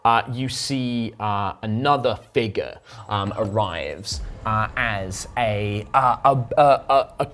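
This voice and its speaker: A man's voice: on the low side, slow pace, a bit bright, slight background noise. A man narrating a tabletop game as game master, describing scenes in a rambling, hesitant way with many fillers.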